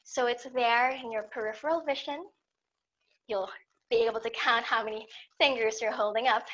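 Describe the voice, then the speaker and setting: A woman instructor calmly cueing a barre exercise class, giving encouragement and counting the reps. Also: on the high side, normal speed, lo-fi sound. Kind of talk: guided exercise class cues.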